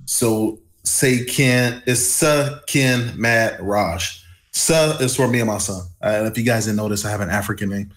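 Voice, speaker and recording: A man's voice: fairly low pitch, measured pace, fairly bright tone. A man in his thirties, a gaming YouTuber, chatting casually as a podcast guest and laughing often. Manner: laid-back, laughs often. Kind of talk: casual chat.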